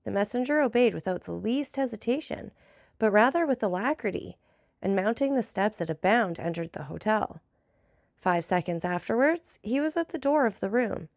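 A woman narrating a classic novel as an audiobook in a measured, formal reading. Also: mid-range voice, expressive, vocal fry, a little mellow, no echo, clean studio sound.

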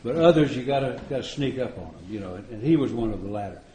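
A man's voice: medium pitch, lively intonation, fast, dark tone, a little hiss or hum. A man speaking at a recovery retreat, telling stories in a folksy, joking way and chuckling often. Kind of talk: storytelling recovery talk. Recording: echoey room.

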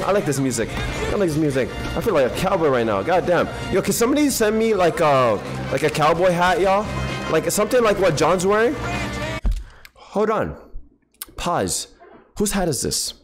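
A man streaming a video game live, talking in an animated, slangy, jokey way and swearing a lot. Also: on the high side, brisk, over music. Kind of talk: live gaming commentary.

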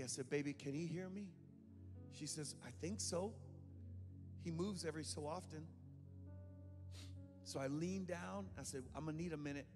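A man preaching a sermon, telling a story and acting out the voices in it, swinging from hushed tones to shouts. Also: a little high. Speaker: pastor. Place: church sanctuary. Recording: long hall reverb with faint music.

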